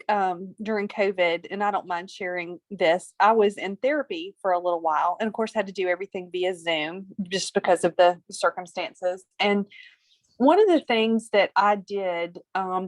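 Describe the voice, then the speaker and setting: A woman's voice: mid-range voice, dry recording. A woman, a pharmacist, sharing personal reflections on a group video call in an earnest, heartfelt way. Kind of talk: personal sharing in casual talk.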